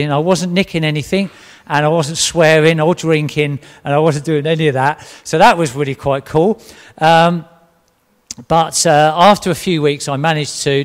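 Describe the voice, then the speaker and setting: Earnest man in a reverberant hall. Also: medium pitch. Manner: earnest, emotional storytelling with many restarts. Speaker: church member giving testimony. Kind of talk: personal testimony interview.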